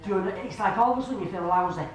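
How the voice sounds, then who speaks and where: A woman's voice: medium pitch, very fast. A woman giving a live spiritualist reading to an audience, chatty and homely, calling the sitter love and sweetheart and constantly asking "do you understand, please?". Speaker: spiritualist medium. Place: club function room. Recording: very echoey room, far mic, faint noise.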